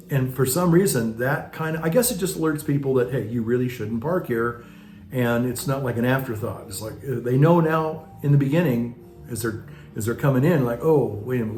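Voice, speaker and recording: A man, a parish priest, tells stories in a relaxed, rambling monologue full of restarts and asides. His voice sits at an ordinary middle pitch. The room adds a noticeable echo, and faint music plays underneath. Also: brisk. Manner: rambling storytelling with many restarts. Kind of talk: casual reflective monologue.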